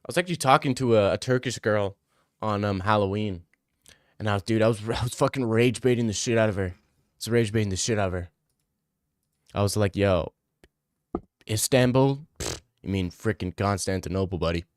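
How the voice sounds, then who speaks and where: A man's voice: lowish voice, fairly quick, pauses often, no echo, studio quality. A young man streaming casually, answering viewer messages in a crude, rambling, joking way.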